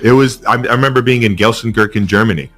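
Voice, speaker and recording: A man with an American accent, a podcast guest chatting in a relaxed, chuckling way. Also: fairly low pitch, fast, faint music behind. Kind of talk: casual chat.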